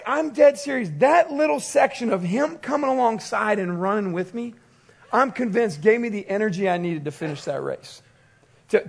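In his sermon, a pastor with a high voice recounts a personal experience, acting it out vividly and voicing the people he quotes.

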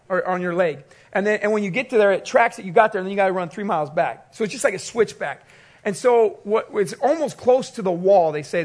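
A male pastor preaches a sermon in a high voice, telling a personal story with animated delivery and quoted voices.

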